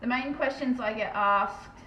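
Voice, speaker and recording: An Australian woman in her thirties from Western Australia chats casually on a live stream while painting, blunt, self-mocking and swearing a lot. Her voice is on the high side, pushed and bright, at a measured pace. The recording sounds roomy, dull and lo-fi with faint background noise.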